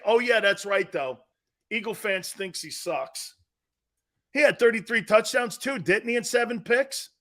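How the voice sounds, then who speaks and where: A man's voice: sits high, fairly bright tone. A man hosting a live sports talk show, brash and trash-talking, reading out listener comments and laughing often.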